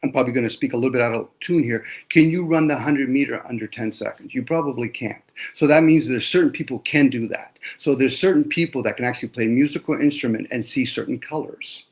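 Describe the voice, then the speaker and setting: A man's voice: mid-range voice, quick pace, hardly any pauses. A man speaking in a casual panel discussion, lecturing emphatically with frequent swearing.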